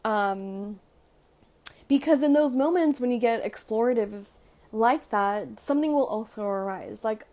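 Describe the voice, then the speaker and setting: A young adult woman vlogger talks casually to camera about emotions, a chatty self-help talk peppered with "like" and "right?". Her voice is a little high and darkish in tone, and she speaks a little slowly.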